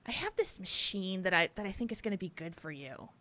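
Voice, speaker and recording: A woman's voice: medium pitch, big pitch swings, a little fast, pushed and bright, no echo. A woman co-hosting a podcast, telling a story in casual chat, often laughing through it and whispering when she quotes others. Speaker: podcast co-host.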